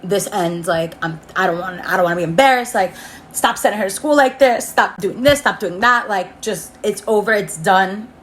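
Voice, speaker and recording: A woman's voice: medium pitch, normal speed, fairly bright tone, a little hiss or hum, close to an everyday voice. A woman voicing her older grandmother firmly ending a punishment. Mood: stern. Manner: firm, clipped commands. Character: stern older grandmother laying down the law.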